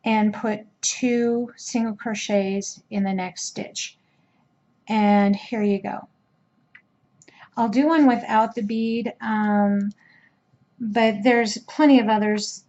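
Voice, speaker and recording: A woman's voice: medium pitch, a little mellow, highs cut off. A woman teaching a crochet trim step by step in a casual, chatty way, with fillers and restarts. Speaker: crochet instructor.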